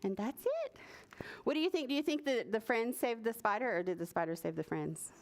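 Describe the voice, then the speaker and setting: A woman, a children's librarian, reading a picture book at preschool story time, expressive and stopping to ask the children questions. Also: fairly high pitch, brisk.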